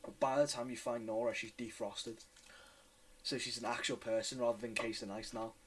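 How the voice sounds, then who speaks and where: A man's voice: medium pitch, flat delivery, normal speed, rough recording. A man hosting a casual podcast chat, rambling and swearing with many restarts. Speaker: podcast host.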